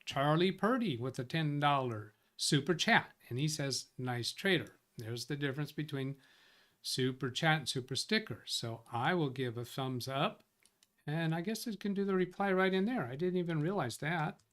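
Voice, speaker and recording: A man with a slightly high, fairly bright voice and lively intonation speaks at a moderate pace. He's a tech support livestream host chatting casually, reading viewer comments aloud, thinking through them, drifting, and self-correcting.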